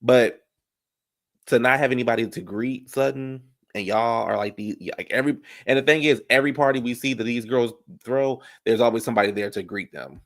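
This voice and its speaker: Sassy male recap commentator, mid-pitched, animated, laughs a lot. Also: fairly quick. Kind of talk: casual reaction commentary.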